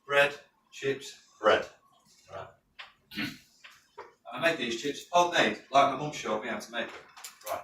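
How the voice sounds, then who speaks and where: A northern English man runs a safety course in a training classroom, giving a chatty lecture full of anecdotes and firing quick questions at his class, checking in with "right?". His mid-range voice sounds pushed and bright. The recording is roomy, with a distant mic and faint noise.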